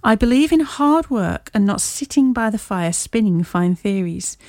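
A woman reading aloud, voicing a blunt, stubborn male police inspector who talks with gruff indignation. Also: medium pitch, expressive, moderate pace, darkish tone, dry recording, natural voice. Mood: indignant.

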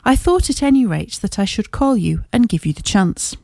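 A confident, brisk Victorian gentleman detective speaks with crisp, courteous formality, voiced by a woman reading the story aloud. The tone is mellow and warm. The recording is close and dry. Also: a little high, lively intonation, dry recording.

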